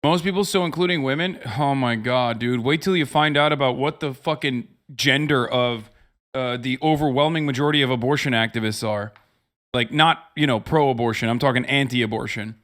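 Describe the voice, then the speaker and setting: A man in his thirties ranting profanely on a livestream, often switching into loud mocking voices. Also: mid-range voice, normal speed. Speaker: streamer reacting to videos. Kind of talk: casual livestream commentary.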